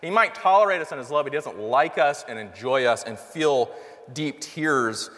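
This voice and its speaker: A man's voice: mid-range voice, lively intonation, normal speed, a bit bright. A man preaching a sermon in a conversational, earnest way, full of rhetorical questions. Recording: long reverb of a hall.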